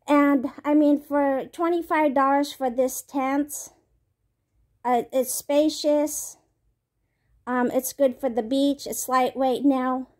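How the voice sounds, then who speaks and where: A woman with a fairly high voice talks through product tips in a casual vlog. She is chatty and rambling. She often stops to say um and restarts her sentences. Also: fairly even intonation, slow pace, a little mellow. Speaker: vlogger.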